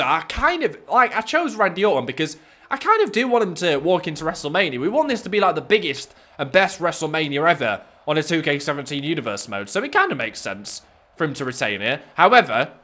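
A young man commentating live over his own gameplay, cheeky and excitable, swearing and shouting at the screen. His pitch swings all over the place and his tone is bright and forceful. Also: brisk. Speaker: gaming YouTuber.

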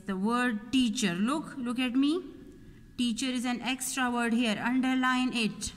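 A woman teaching a grade-one English lesson, repeating each sentence slowly and explaining words in Hindi-Urdu. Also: a little high, in a large hall. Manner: slow, deliberate repetition of sentences, mixing in Hindi-Urdu explanations.

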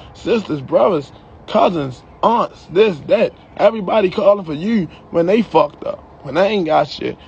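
A man's voice: high-pitched, gravelly, a little mellow, dull audio, a little hiss or hum. A young man in a heated, profane rant to the camera, ending his lines with "yo". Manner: profane, heated, repeats "yo" at line ends.

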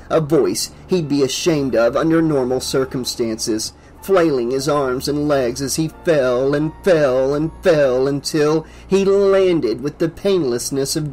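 A man reading aloud as the narrator of a horror audiobook, in a steady, measured way. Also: a little high, low-quality recording. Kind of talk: scripted narration.

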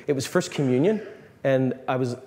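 A man, a priest, giving an animated, joking talk to a live audience, often restarting his sentences. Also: medium pitch, normal speed. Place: large hall. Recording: long reverb in a hall, faint room noise.

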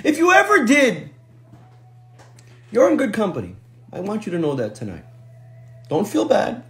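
A male pastor preaching a sermon, swinging from soft and slow to shouting and repeating phrases for emphasis. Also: sits high, wildly swooping pitch.

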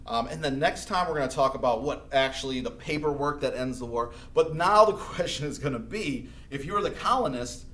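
A man's voice: mid-range voice, animated, fairly quick, few pauses, a bit bright. Chatty male history teacher in an echoey room. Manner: casual and chatty, acts out historical figures in quotes. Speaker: high school history teacher. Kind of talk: recorded classroom lecture.

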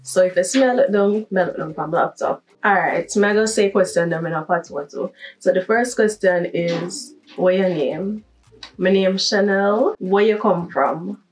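A woman's voice: lowish voice, moderate pace, far from the mic, rough recording. Chatty Jamaican woman, a bit off-mic. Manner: chatty and upbeat, switching into patois. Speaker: vlogger. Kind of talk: casual accent-tag vlog.

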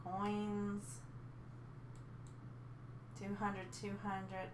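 A woman's voice: mid-range voice, unhurried. A woman co-hosting a casual gaming video, playfully dramatic and complaining. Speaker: co-host. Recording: roomy echo, faint noise.

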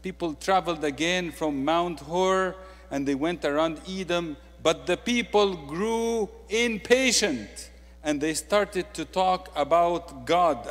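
Egyptian-accented male preacher in a reverberant hall. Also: fairly high pitch. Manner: swings from quiet intimate asides to loud emphatic declarations. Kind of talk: sermon.

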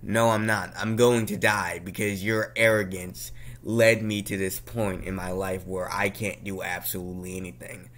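A young man venting in a casual, slangy monologue, repeating himself and bursting into loud outbursts. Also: low voice, flat delivery, normal speed. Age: young adult. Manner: slangy, repeats himself, laughs at his own jokes. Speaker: vlogger.

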